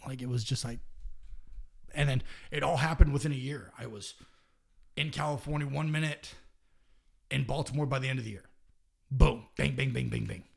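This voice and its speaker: A man's voice: medium pitch, moderate pace, creaky, long pauses, husky. A young man, a professional wrestler, telling stories in casual, profane talk that drops to near-whispers. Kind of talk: casual storytelling.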